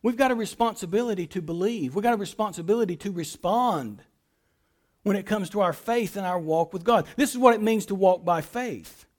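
Guy preaching a sermon, pretty high voice, goes big then drops real soft, stumbles and restarts sometimes. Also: brisk. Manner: preaching with big swings between loud and soft; repeats phrases for emphasis, some stammered restarts. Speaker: pastor.

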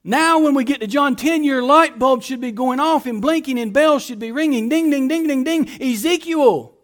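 A man with a strikingly high voice delivers a sermon as a pastor. He reads scripture passages aloud and explains them emphatically, posing rhetorical questions. His phrases often sink to a hushed close. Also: normal speed.

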